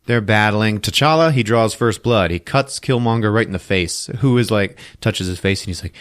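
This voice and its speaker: A man on a podcast excitedly retelling a movie plot, swearing freely and acting out the characters' lines in put-on voices. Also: lowish voice, normal speed, hardly any pauses, no room sound, clean studio sound. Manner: profane, acts out lines in voices, laughs often. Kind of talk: animated casual movie recap.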